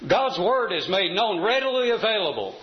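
A man preaching a sermon to a congregation, reading scripture and slowing down to stress key words. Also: high voice, sing-song. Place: church assembly hall. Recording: echoey, slightly dull church recording.

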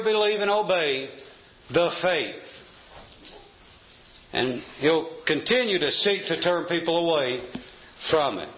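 Male preacher, high voice, deliberate sermon delivery, echoey lo-fi church sound. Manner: measured preaching, slows to stress scripture. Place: church assembly hall. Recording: echoey, slightly dull church recording.

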